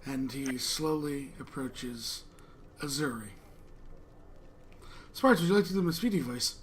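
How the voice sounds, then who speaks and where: A man narrating part of a tabletop game, halting and repeating words as he goes. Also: medium pitch, lively intonation, a little hiss or hum. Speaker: co-game master.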